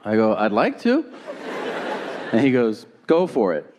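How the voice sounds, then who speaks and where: A man's voice: mid-range voice, wildly swooping pitch, a little slow. A man doing a stand-up comedy set, telling a story with acted-out dialogue and crude punchlines. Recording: live venue with audience laughter noise. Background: audience laughter.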